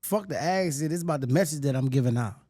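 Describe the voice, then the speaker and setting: A man's voice: on the high side, fast talker, dark tone, no echo, clean studio sound. A man with a New Orleans accent, a rapper talking casually in an interview with a slangy, swaggering manner. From Washington D.C. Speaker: rapper guest.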